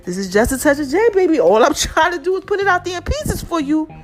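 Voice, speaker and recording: A woman in her forties from New Jersey, hosting her own podcast and telling a story in an animated, emphatic, slangy way. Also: high-pitched, quick pace, soft background music. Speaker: podcast host. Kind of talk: casual storytelling monologue.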